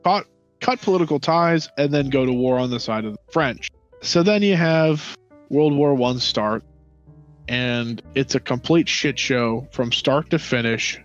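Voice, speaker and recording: A man's voice: mid-range voice, a little slow. A man in a casual history chat, profane and sarcastic, acting out nations in mocking quoted voices. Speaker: podcast co-host. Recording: dull lo-fi sound with faint music.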